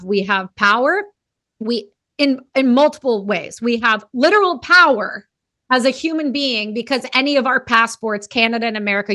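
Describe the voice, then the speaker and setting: A woman's voice: on the high side, pushed and bright, dry recording, studio quality. A woman hosting a podcast interview, who talks bluntly and emphatically and swears casually. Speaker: podcast host.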